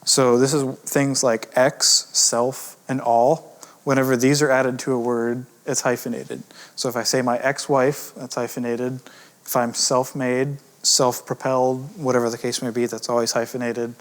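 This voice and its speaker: Man teaching a relaxed grammar lesson. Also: mid-range voice. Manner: relaxed, conversational, with fillers and restarts; slows down to stress example words. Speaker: grammar course teacher, editor. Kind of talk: recorded lesson.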